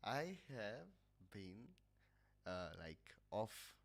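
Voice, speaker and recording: An Italian-accented man with a nasal, lowish voice chats unhurriedly into a headset mic. He talks slowly, with many fillers and pauses while he hunts for English words. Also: very animated, gravelly. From Italy. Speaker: livestreamer. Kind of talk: casual chat.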